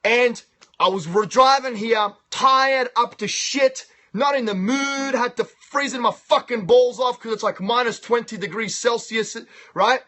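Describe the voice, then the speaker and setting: An Australian man talking on a phone live stream in a loud, boastful, profane, hyped-up way. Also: extremely high pitch, measured pace.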